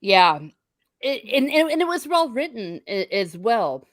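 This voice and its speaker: A woman's voice: a little high, sing-song, measured pace, dry recording. Chatty woman with a dry, close sound. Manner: chatty, rambling with fillers. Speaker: podcast co-host. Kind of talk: casual chat.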